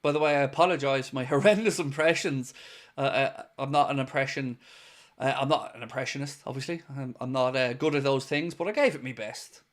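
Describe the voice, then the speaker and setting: A man's voice: mid-range voice, a little fast. A man hosting a live football watchalong, mixing play-by-play with joking chat to his viewers. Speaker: host.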